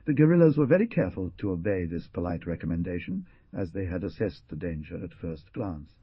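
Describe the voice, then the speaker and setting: A man's voice: low voice, lively intonation, brisk, breathy edge, no echo, lo-fi sound. A man narrating an adventure audiobook with dramatic rises and falls. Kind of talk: scripted narration.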